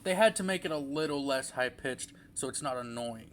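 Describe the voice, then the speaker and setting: A man's voice: mid-range voice, expressive, a little fast, fairly bright tone, a little hiss or hum. A young man giving a casual, rambling movie review, full of fillers and restarts.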